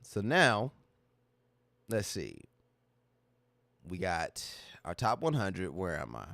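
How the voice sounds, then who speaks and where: A man's voice: low-pitched, huge pitch swings, slow pace, vocal fry, a bit bright, dry recording. A man hosting a livestream, talking casually to his chat in a candid, emotional, slang-heavy way that repeats itself. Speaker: livestream host.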